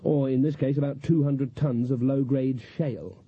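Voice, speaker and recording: Husky male audiobook narrator. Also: mid-range voice, fairly even intonation, normal speed. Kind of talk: scripted narration. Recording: slightly dull lo-fi recording.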